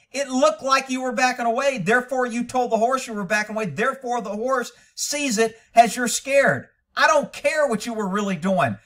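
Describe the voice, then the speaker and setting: A man's voice: very high voice, pushed and bright, distant mic. A man critiquing a training video as a horse trainer, blunt, profane and lecturing.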